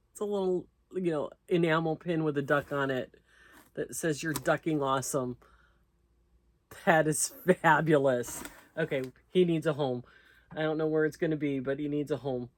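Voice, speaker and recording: A woman's voice: sits low, steady tone, normal speed. A woman hosting a crochet channel, chatting casually as she opens mail, reading out notes and thanking the senders. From United States. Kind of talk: casual unboxing chat.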